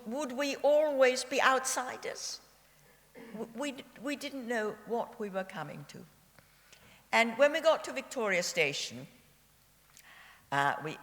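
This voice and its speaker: A woman in her nineties from Austria, a Holocaust survivor giving her personal testimony at a civic memorial event, telling her story in a slow, measured way with gentle irony. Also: on the high side. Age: 90s. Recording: long hall reverb.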